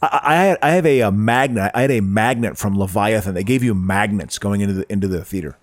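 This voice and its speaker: A man's voice: on the low side, quick pace, no echo. A man co-hosting a casual comedic chat, stammering and laughing often as he tells stories. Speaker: podcast co-host.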